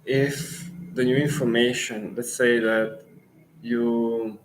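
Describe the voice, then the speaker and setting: A man with an Italian accent, a native Italian speaker coaching Italian in a live Q&A lesson, pausing thoughtfully and restarting phrases. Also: mid-range voice, flat delivery, noisy background.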